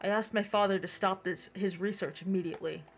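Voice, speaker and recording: A woman's voice: mid-range voice, steady tone, a little fast, slight background noise. Woman casually reading game text. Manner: laughs easily, swears when annoyed. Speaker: let's play streamer reading game text. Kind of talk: casual gaming chat and reading aloud.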